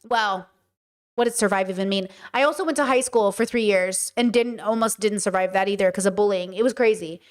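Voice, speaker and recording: A woman hosting a casual livestream, talking to her chat in a blunt, animated way and swearing freely. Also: medium pitch, a little fast. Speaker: streamer host.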